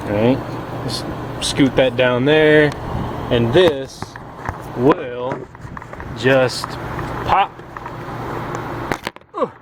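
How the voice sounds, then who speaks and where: A man's voice: mid-range voice, very slow, pauses often, background noise. A man giving a casual how-to commentary as a motorcycle vlogger, joking as he works one-handed and holding the camera. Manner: chatty, joking, talks while working one-handed. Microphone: camera held in one hand.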